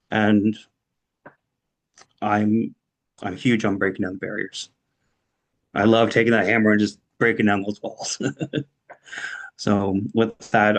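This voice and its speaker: A man speaking as a panel guest, telling his personal story in an emotional, halting way with many "you know"s. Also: fairly low pitch, rough recording.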